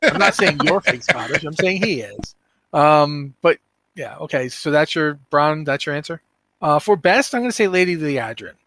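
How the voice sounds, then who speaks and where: A man hosting a casual podcast, talking in an animated, rambling way with many restarts. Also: on the high side, normal speed, crowd noise. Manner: animated, rambling, self-interrupting. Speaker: podcast host.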